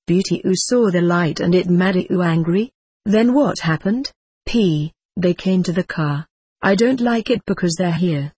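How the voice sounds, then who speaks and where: A woman reading a hypnosis session aloud, speaking each part in an even, measured narrating voice and reading the cues out. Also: on the low side, slightly rough, dry recording. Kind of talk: audiobook narration.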